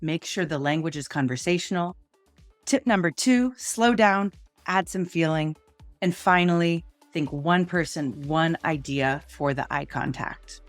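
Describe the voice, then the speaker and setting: Expressive woman coaching speakers, dry sound. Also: low voice, no room sound, soft background music. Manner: expressive, demonstrates delivery with pauses and emphasis. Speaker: communication coach. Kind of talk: instructional presentation tips.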